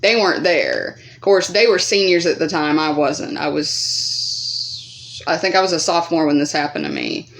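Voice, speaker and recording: A woman's voice: huge pitch swings, moderate pace, gravelly, a little hiss or hum. Rambling, profane woman vlogger. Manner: rambling, profane, many fillers; acts out quoted voices higher and louder. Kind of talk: casual storytime vlog.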